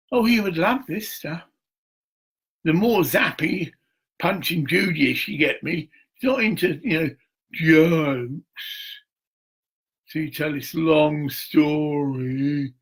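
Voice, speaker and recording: A middle-aged man talking in a rambling, crude monologue, swearing and laughing often, with a husky voice. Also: fairly high pitch.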